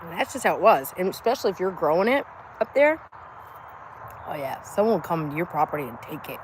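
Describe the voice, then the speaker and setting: A woman's voice: lowish voice, big pitch swings, brisk, a little hiss or hum, low-quality recording. A middle-aged American woman chatting casually on a live stream, rambling and swearing freely as she talks. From United States. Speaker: vlogger.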